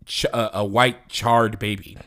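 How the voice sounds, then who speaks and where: A man's voice: fairly low pitch, little pitch movement, a little slow, sharp tone. A man chatting and joking casually with a friend, laughing often. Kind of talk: casual banter.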